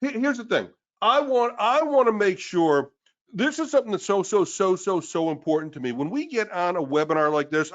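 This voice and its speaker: A man with a high-pitched voice co-hosts a live webinar sales pitch. He persuades emphatically, circling back over the same points again and again. The recording sounds dull and lo-fi. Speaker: webinar co-host.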